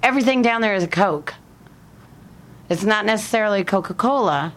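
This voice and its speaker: A woman's voice: medium pitch, expressive, a little fast. A middle-aged woman from around Buffalo, with an accent mixing Western New York and Alabama southern, chatting in a casual interview. She is plain-spoken and laughs often. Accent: mixed Western New York and Alabama southern. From Buffalo, New York area. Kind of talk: casual conversation.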